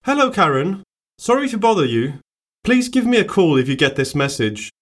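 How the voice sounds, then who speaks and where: Man with a lively, slightly high voice. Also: moderate pace. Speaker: dialogue actor in a listening exercise. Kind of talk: scripted everyday dialogue.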